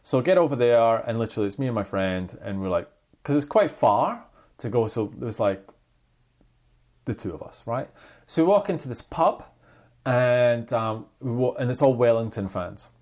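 A podcast co-host telling a rambling story in casual chat, with sound effects and quick restarts. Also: medium pitch, lively intonation, a little mellow.

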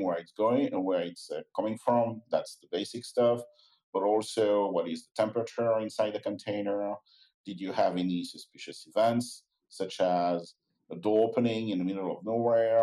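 A man from France with a French accent, a company chief answering interview questions in a measured way with many uh pauses. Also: lowish voice, dark tone, rough recording. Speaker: company CEO, guest.

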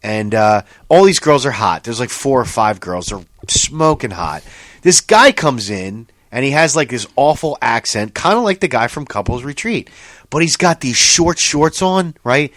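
A man's voice: mid-range voice, normal speed, dry recording. A man co-hosting a casual chat, telling stories with lots of swearing, laughter and incredulous outbursts. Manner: animated, profane storytelling with frequent laughter. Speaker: podcast co-host.

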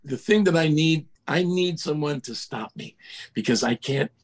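Husky older man telling animated stories. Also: a little high, normal speed. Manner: animated storyteller, mimics voices, laughs at himself. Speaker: guest, music producer. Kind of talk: casual storytelling interview.

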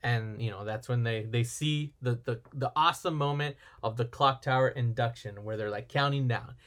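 Casual podcast co-host, male, mid-pitched, rambling recapper who slips into character lines. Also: normal speed. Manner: rambling storyteller, acts out film lines. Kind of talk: casual movie recap chat.

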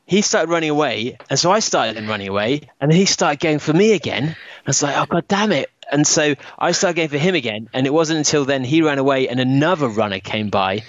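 A man hosting a podcast, telling a running story in a casual, animated way. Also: medium pitch, brisk, no echo, dull audio. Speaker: podcast host. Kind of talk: casual chat.

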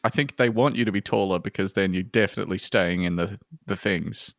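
A man with an Australian accent hosting a comedy podcast, reading news items in a deadpan, jokey way with quick asides. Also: deep voice, no room sound, clean studio sound. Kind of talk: casual comedic podcast banter.

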